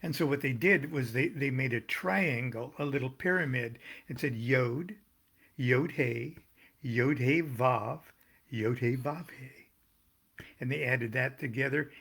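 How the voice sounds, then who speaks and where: An older American man reading aloud from his own tarot booklet, pausing to explain terms and make small jokes. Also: mid-range voice, lively intonation, gravelly, fairly bright tone, breathy edge. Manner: unhurried, stops to explain and joke. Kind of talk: casual reading with asides.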